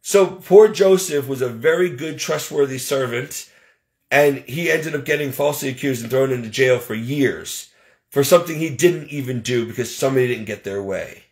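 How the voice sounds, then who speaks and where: Guy with a gravelly voice ranting about his caregiving job, fired up and preachy. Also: mid-range voice, normal speed, darkish tone. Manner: heated, religious, aggrieved storytelling. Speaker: professional caregiver. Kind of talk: emotional personal vent.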